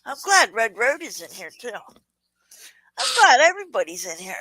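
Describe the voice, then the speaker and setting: A woman's voice: on the high side, very animated, moderate pace, bright, forceful tone, slightly rough, no echo, poor audio. A woman with a Southern US accent hosting a casual crafting livestream, chatting and greeting viewers in the chat. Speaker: livestream host.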